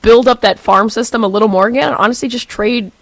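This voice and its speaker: A young female sports co-host who delivers candid, opinionated takes and is quick to laugh. Her voice sits slightly high. It is recorded close and dry, with no room sound. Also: dry recording. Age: young adult. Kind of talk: sports talk radio banter.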